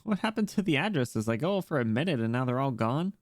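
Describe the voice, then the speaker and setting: A man's voice: medium pitch, sing-song, fast talker, no echo, studio quality, close to an everyday voice. A man voicing a put-upon male courier who mutters complaints, reading a game story aloud. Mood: annoyed. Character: grumbling overworked male courier.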